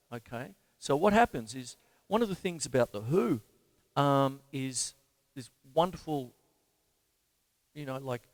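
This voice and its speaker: A man's voice: mid-range voice, no room sound. An Australian man hosting a live drum lesson, talking with rambling enthusiasm and scatting drum patterns and counting beats aloud. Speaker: drum teacher and show host.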